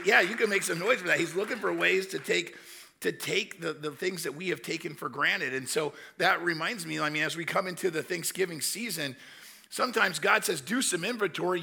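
A male pastor giving a sermon, telling Bible stories with animated acted-out voices. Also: sits high, vocal fry, slightly rough. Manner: animated storytelling, acting out voices of Bible figures.

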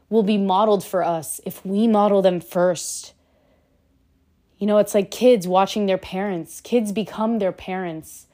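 A woman's voice: medium pitch, warm tone. A woman giving earnest, emphatic relationship advice straight to her viewers in a casual monologue. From Cuban heritage.

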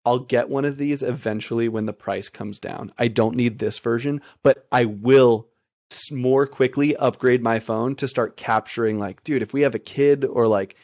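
A man's voice: mid-range voice, normal speed, darkish tone, dry recording, studio quality. A man in his thirties, podcast co-host, talking in casual chat with eager, persuasive enthusiasm.

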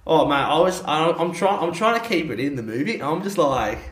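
A young man co-hosting a sports podcast, telling a story in an excitable, gushing way. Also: on the high side, normal speed. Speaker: podcast co-host. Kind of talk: casual sports chat. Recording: roomy echo.

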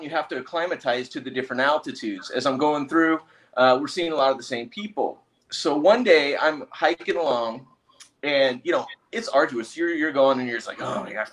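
A man telling an animated story. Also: on the high side. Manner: animated anecdote told with laughter. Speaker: motivational speaker, guest. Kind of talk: storytelling in an interview.

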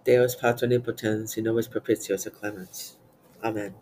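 A man reciting psalms and liturgical prayers in a steady, measured way. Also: fairly low pitch, slight background noise, rough recording. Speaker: prayer reader.

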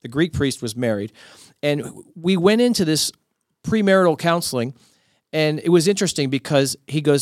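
A man hosts a podcast and tells stories with lots of energy, slipping into the voices of the people he quotes. His voice sits a little on the high side for a man. The recording is close and dry, with no room sound. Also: moderate pace, no room sound. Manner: animated storyteller acting out quoted voices. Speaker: podcast host. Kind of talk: casual storytelling conversation.

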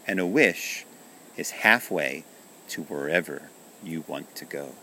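A gentle magical rooster asks his riddles in a low, unhurried hush, voiced by a man reading a storybook. His tone is bright and clear in spite of the depth. He sounds kindly and mysterious, a little secretive. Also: lively intonation, slight background noise, heavily acted. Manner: soft, hushed and questioning.

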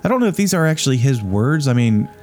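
A man's voice: medium pitch, sing-song, fast, a little mellow, faint music behind. A man co-hosting a casual podcast, reading a strange account aloud and rambling with crude jokes and laughter. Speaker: podcast co-host.

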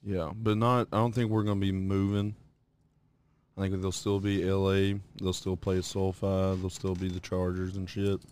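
Profane young man, lowish voice. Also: flat delivery, moderate pace, darkish tone, smooth. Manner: profane, laughing, storytelling. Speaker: podcast co-host. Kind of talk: crude casual banter.

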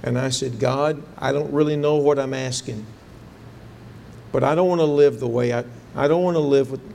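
A man's voice: medium pitch, steady tone, normal speed, creaky, warm tone, slight background noise. A man preaching a sermon, telling a personal story in an earnest way and rising to fervent pleading when he quotes his prayers. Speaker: pastor.

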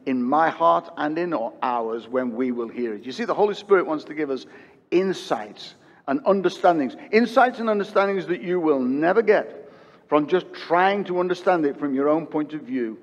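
A pastor in his fifties preaching a sermon, swinging from loud emphatic peaks to hushed quiet and repeating phrases for emphasis. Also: on the high side, expressive, moderate pace, in a large hall, dull audio. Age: 50s. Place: church.

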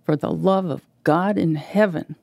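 A woman reading the lines of a gruff middle-aged male contractor who talks bluntly and shouts. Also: lowish voice, unhurried, no room sound. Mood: angry.

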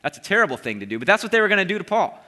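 A man preaching a sermon, retelling a Bible story in a lively storytelling way and briefly acting out the voices of the crowd. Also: high-pitched, racing. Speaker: pastor. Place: church sanctuary. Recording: long hall reverb.

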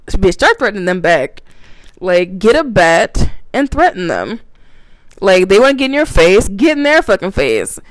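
Animated, foul-mouthed woman ranting. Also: medium pitch, unhurried, long pauses, dry recording. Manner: animated, laughing, swearing, acts out mocking confrontations. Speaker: commentator reading and reacting. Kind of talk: profane ranting commentary.

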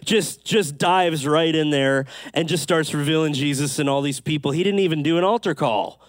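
A man preaching a sermon, telling stories with lively acted-out quotes and quick asides. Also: fairly high pitch, no room sound, studio quality. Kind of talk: sermon storytelling.

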